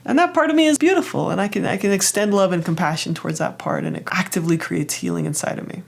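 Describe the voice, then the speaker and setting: Gentle woman with a gravelly edge. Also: fairly low pitch, fast, a little hiss or hum. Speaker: therapist host. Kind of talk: self-help lesson, personal example.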